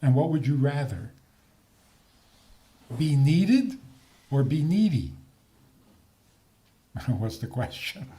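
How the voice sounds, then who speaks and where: Older male rabbi, unhurried and mellow, wry questions to the crowd. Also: a little high. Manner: animated, joking, rhetorical questions. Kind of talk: talk on faith.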